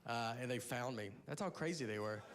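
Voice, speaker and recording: A man's voice: medium pitch, a little fast, noisy background. A man from the American South doing stand-up, telling a rambling, self-interrupting story. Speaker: stand-up comedian. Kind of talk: stand-up comedy routine.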